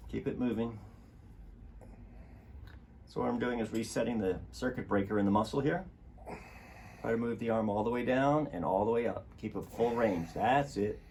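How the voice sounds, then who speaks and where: A man's voice: mid-range voice, moderate pace, gravelly, pauses often, a little mellow, a little hiss or hum. A man working as a chiropractor, coaching a patient through treatment with short, encouraging, repeated commands in a treatment room.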